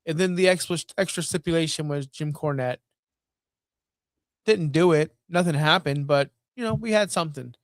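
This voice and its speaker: A man's voice: fairly high pitch, normal speed, no echo. A man co-hosting a podcast, talking casually and thinking aloud as he goes. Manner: conversational, thinks aloud with fillers. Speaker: podcast co-host. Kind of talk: casual wrestling podcast chat.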